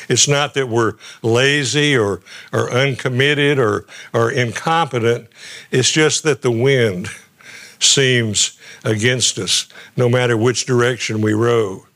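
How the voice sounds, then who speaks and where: A man's voice: mid-range voice, a bit bright. A middle-aged male guest pastor preaching a sermon in a conversational way, often stumbling and repeating his words as he goes.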